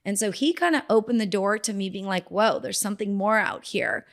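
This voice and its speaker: A middle-aged woman from Southern California, a dermatologist guest telling her life story in a casual interview, animated and acting out the voices of people she quotes. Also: mid-range voice, brisk.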